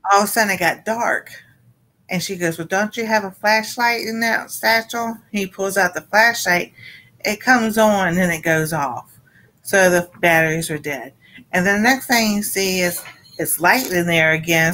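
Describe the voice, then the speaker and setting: A woman casually recapping a cartoon episode for a panel show, rambling and halting with many fillers. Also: fairly low pitch, fairly bright tone, low-quality recording.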